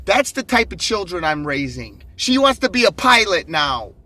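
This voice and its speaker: Fired-up man preaching hustle with a high, piercing voice. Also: big pitch swings, normal speed, no room sound. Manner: intense, swearing, shouting bursts. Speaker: motivational vlogger. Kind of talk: ranting motivational monologue. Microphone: phone camera.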